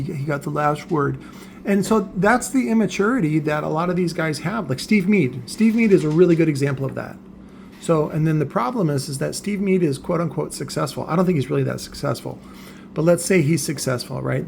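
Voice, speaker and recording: A man's voice: a little high, creaky, darkish tone, a little hiss or hum. An older man ranting bluntly and scornfully, swearing freely in a vlog. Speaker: car audio seller.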